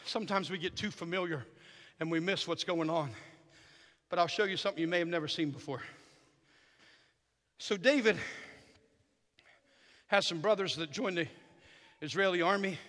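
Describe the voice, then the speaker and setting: A middle-aged man preaching as a guest in a church, telling stories with animated energy that builds to fervent shouting. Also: sits high, normal speed, long pauses. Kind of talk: sermon. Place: church sanctuary. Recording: reverberant church hall.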